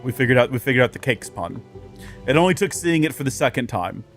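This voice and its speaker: A man's voice: medium pitch, lively intonation, quick pace, a bit bright. A man doing casual let's play commentary as a streamer, chatty and rambling with jokes, faint game music behind.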